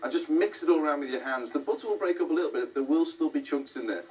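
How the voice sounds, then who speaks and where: A man's voice: a little high, lively intonation, fast talker, darkish tone, highs cut off. A man hosting a cooking show, explaining each step in a chatty way as he cooks. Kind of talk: cooking demonstration. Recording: distant mic with background music.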